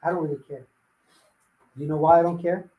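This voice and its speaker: A man's voice: fairly high pitch, fairly even intonation, brisk, warm tone, echoey room, rough recording. A man leading a live sales coaching workshop, blunt and firing rhetorical questions at his audience. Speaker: real estate sales trainer.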